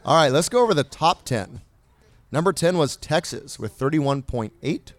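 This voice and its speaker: A man hosting a casual beer podcast, rattling off statistics with fillers and quick laughs. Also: fairly high pitch, expressive, dry recording. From California. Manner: reads stats with fillers and laughs. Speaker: podcast host. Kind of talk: casual chat.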